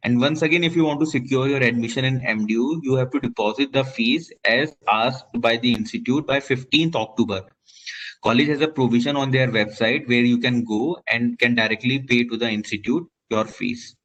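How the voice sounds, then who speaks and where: A man's voice: medium pitch, normal speed, fairly bright tone. A man moderating an online session, polite and full of "sir", over a video call. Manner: polite, says sir often, fillers. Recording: slightly dull video call audio.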